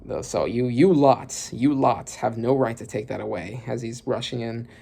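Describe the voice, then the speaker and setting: Gravelly man rambling through a reaction. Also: mid-range voice, fairly even intonation, moderate pace, warm tone. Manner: rambling, thinking aloud with many fillers and restarts. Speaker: manga reaction youtuber. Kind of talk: casual reaction commentary.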